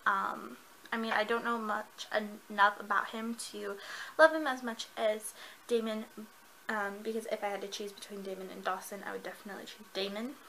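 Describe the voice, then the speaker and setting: A woman reviewing a book in a casual vlog, gushing and excitable, with lots of fillers. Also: medium pitch, normal speed, gravelly, a little hiss or hum, rough recording.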